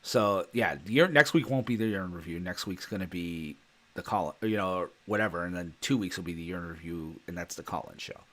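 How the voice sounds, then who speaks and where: A man's voice: deep voice, a little fast, fairly bright tone. A man co-hosting a podcast in casual chat, rambling through stories and laughing often. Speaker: podcast co-host.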